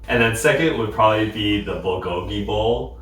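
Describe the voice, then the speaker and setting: Low voiced guy, quiet and chill about food picks, echoey room, far mic. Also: moderate pace. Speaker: co-host. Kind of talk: casual food review chat. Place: restaurant.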